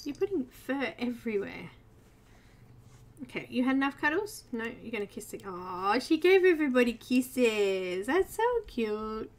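A woman's voice: fairly high pitch, big pitch swings, normal speed. A middle-aged Australian woman hosting a live coloring stream, chatting casually, giggling often and cooing at her cat. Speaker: livestream host.

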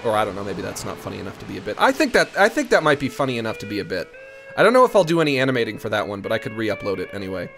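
A man's voice: on the low side, huge pitch swings, very fast, gravelly, fairly bright tone, soft background music. A man chatting casually on a live stream in a playful, rambling, joking way.

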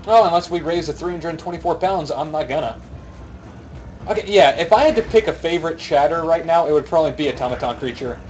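A man's voice: on the high side, animated, fast, darkish tone, highs cut off, a little hiss or hum. A young man streaming a video game, chatting casually and joking around, now and then slipping into a mock Scottish accent. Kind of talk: casual gaming stream chat.

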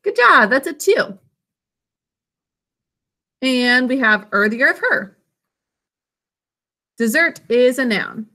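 A woman teaching young children a phonics lesson, patient and encouraging as she sounds out words slowly. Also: high-pitched, big pitch swings, bright, forceful tone.

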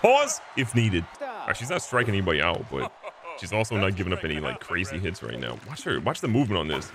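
A man giving casual, excitable gameplay commentary, joking at himself and talking to his players. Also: sits low, fast, crowd noise. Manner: excitable, self-mocking, talks to the players. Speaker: gaming video host.

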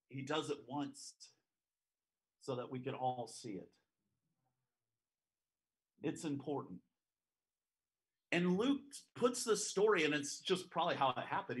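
A man preaching a sermon at a church service, telling a story with animated, joking asides. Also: fairly high pitch.

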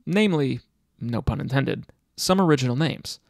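A man's voice: mid-range voice, animated, normal speed, creaky, dry recording, studio quality. A man narrating a video in a casual, speculative way. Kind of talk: scripted narration.

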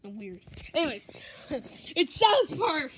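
A woman's voice: sits high, very animated, slow, a little hiss or hum. A woman rambling through a casual haul vlog, offhand and swearing mildly. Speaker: vlogger.

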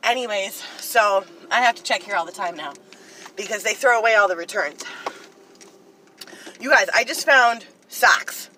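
A woman chatting excitedly to viewers in a casual vlog, talking straight to the camera about her finds. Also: medium pitch, normal speed, pauses often, a little hiss or hum, low-quality recording. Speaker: vlogger. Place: in a car, rain outside.

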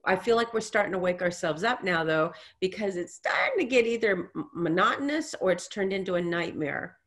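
A woman guest in a casual interview, telling stories in an animated way and acting out what people said, with a reassuring, teacherly manner. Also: medium pitch, a little fast. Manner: animated storyteller who acts out quotes. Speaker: guest, intuitive reader.

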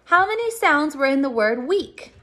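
A woman teacher giving a recorded phonics lesson for children, patient and sounding out words slowly. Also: high voice, very animated, sharp tone.

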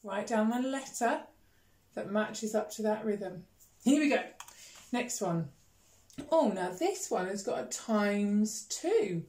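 A woman music teacher with a British accent leading a children's rhythm lesson, chanting words slowly with gasps and playful disgust. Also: on the high side, echoey room. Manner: animated storytelling, gasps and exaggerated disgust.

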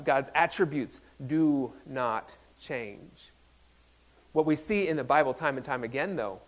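A man preaching in a relaxed, conversational way, playful and self-deprecating, often stopping to restart a thought. His speaking voice sits slightly high for a man. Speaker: pastor. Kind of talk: casual conversational sermon.

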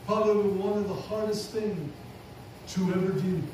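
A man's voice: high-pitched, normal speed, a little mellow, slight background noise. A man preaching a sermon, punctuating his points with amen and hallelujah. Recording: echoey hall recording from far off.

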